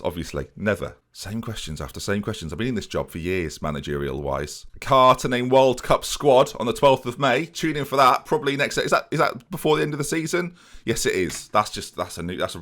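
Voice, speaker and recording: A young man casually commentating his football management game, jokey and self-mocking, with bursts of excitement. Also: on the low side. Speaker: gaming YouTuber.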